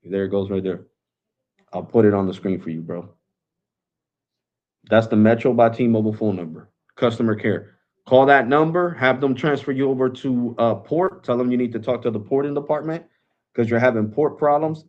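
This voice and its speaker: A man's voice: medium pitch, normal speed, darkish tone. A man hosting a tech live stream, talking casually and loosely, calling viewers bro. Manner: laid-back, slangy, calls viewers bro. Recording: dull lo-fi sound.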